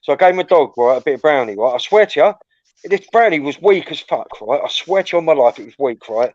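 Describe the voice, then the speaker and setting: A man's voice: fairly high pitch, fast, no echo, highs cut off. A man hosting a livestream, telling a crude, rambling anecdote full of swearing. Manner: crude, swearing, storytelling, animated. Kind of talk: casual chat, rambling anecdote.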